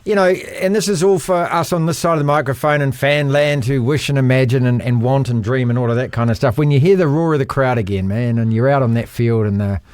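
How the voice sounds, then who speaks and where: Fast-talking older New Zealand host. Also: male voice, medium pitch, darkish tone, no room sound, clean studio sound. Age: 60s. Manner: quick, chatty interjections. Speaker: show host. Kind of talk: casual sports talk.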